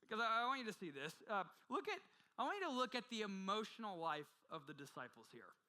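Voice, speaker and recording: Bright-voiced impassioned male preacher. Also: high-pitched, sing-song, fast, low-quality recording. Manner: impassioned, swings between loud urgency and hushed intensity; frequent repeated restarts. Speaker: pastor. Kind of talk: sermon. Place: church.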